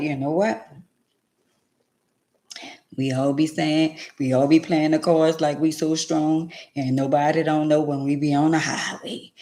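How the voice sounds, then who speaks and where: Middle-aged woman, livestream host, gravelly voice, heartfelt and preachy, addresses chat by name. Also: low-pitched, mellow.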